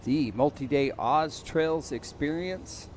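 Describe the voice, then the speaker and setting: A man's voice: fairly high pitch, slight background noise. A man announcing a live mountain bike race, calling results and rider call-ups over the PA. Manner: lively, rapid event announcing. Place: outdoors at a bike race venue.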